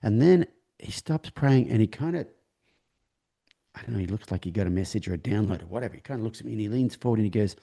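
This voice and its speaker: Gravelly, dark-toned man telling a story. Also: lowish voice, animated. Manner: halting, with many restarts, acting out quoted dialogue. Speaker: horse trainer, interview guest. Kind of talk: storytelling in a conversation.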